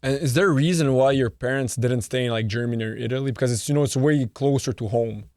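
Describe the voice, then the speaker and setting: Fast-talking man podcast host. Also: mid-range voice, a little mellow, no room sound, clean studio sound. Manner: loose, conversational questioning. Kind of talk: casual interview questions.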